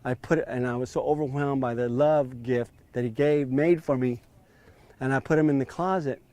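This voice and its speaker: A man's voice: mid-range voice, fairly even intonation, normal speed, mellow, no room sound. A man in his fifties telling his story in an interview, acting out quoted dialogue with a raised voice. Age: 50s.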